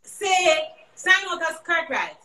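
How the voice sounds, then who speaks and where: Bright, playful Jamaican woman host. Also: very high voice, sing-song, takes it slowly, slight background noise. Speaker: show host. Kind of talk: casual chat, teasing.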